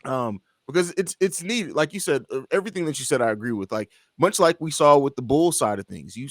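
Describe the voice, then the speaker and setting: A man's voice: a little high, dry recording, clean studio sound. A man co-hosting a sports podcast, easygoing and chatty, with frequent "uh" and "um" as he thinks aloud. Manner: easygoing, many "uh" and "um" fillers, asks questions. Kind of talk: casual sports chat.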